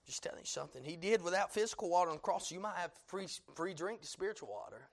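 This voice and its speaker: A man preaching a sermon, dropping to hushed low passages and climbing to loud peaks, with frequent amens and uh fillers. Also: animated, fast talker, gravelly.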